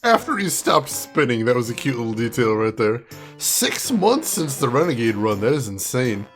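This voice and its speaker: A man's voice: medium pitch, sing-song, normal speed, soft background music. Amused man commenting on a game. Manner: chatty, amused. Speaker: game streamer. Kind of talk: let's play commentary.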